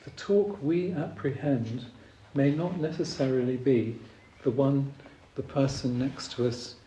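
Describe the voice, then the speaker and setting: A man giving a dharma talk as a Zen teacher, hesitant with many pauses and ums, gently humorous. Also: medium pitch, slight background noise. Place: retreat meditation hall. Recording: roomy hall with faint ambience.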